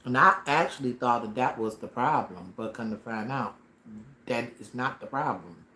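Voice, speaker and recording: A man livestreaming a dramatic personal story, animated and slangy, tossing in sound effects as he goes. He sits at an ordinary middle pitch in a roomy, echoing space with faint background ambience. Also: moderate pace, a little hiss or hum.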